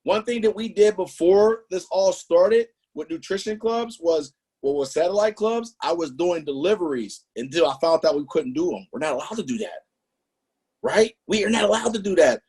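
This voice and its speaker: A man leading a motivational sales training, emphatic and animated, throwing out rhetorical questions and slang. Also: high voice, moderate pace, slightly rough. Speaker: business trainer presenting to a team.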